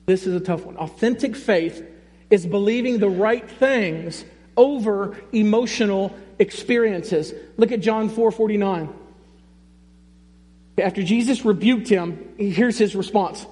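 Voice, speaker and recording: A man's voice: high-pitched, a little slow, a little mellow. A male pastor preaching a sermon in an emphatic, conversational way. He often repeats his key phrases. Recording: long reverb in a large hall.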